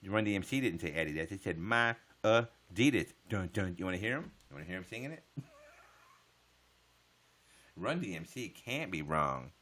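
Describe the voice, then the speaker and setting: Man, live stream chat, deep voice, lively pitch, joking, profane. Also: brisk, pauses often. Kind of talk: casual live-stream chat answering viewers.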